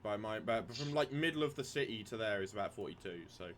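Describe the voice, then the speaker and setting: Bright, animated man joking at the table. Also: lowish voice, fast, a little hiss or hum. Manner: joking, laughs easily, repeats himself. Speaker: player. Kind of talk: casual tabletop game chat.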